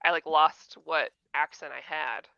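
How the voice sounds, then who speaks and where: A woman's voice: low-pitched, steady tone, measured pace, creaky, sharp tone, clear, resonant tone, dry recording, lo-fi sound. A woman from Kentucky with a light Southern accent, hosting a casual chat and laughing often. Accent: light Southern American. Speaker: host.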